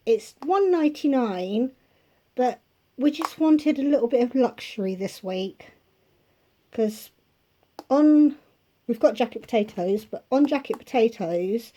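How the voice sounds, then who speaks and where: A woman's voice: a little high, dark tone. A woman vlogging a grocery haul from her kitchen at home, talking casually and rambling into chatty asides.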